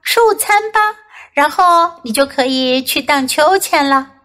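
Listen to a caring young child from a storybook, voiced a touch higher and brighter than the narration, as a woman puts the voice on. The child speaks in eager, slightly scolding bursts, then repeats the line in a second language. The delivery is slow and clear, as if for small children. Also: animated, full character voice. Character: caring young child looking after a pet tiger.

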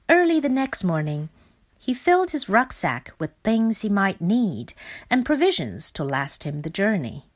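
A woman reading a children's picture book aloud in a slow, clear and expressive way. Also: medium pitch. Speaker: storybook reader.

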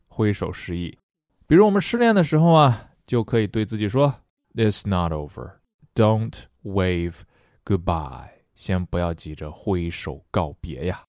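Lively middle-aged man teaching a lesson. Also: deep voice, unhurried, no room sound, clean studio sound. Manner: lively and joking, switching between explaining and reading aloud. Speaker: English teacher. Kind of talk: recorded language lesson for learners.

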